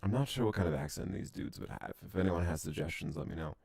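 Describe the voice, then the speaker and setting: Chill streamer guy, super low rough voice, blunt and casual. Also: fast talker, a little mellow, dry recording, faint music behind. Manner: laid-back, blunt, swears casually. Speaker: gaming streamer. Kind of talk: casual gameplay commentary.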